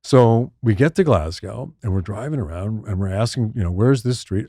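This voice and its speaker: An older man from the United States co-hosting a casual chat, telling stories in an animated way and laughing often. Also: moderate pace, no echo, studio quality. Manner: animated storyteller, lively pitch swings, laughs often. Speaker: podcast co-host.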